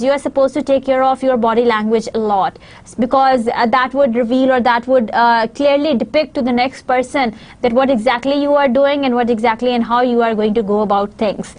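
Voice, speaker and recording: A woman from Pakistan giving a recorded university lecture, explaining slides with frequent hesitations and fillers. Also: sits high.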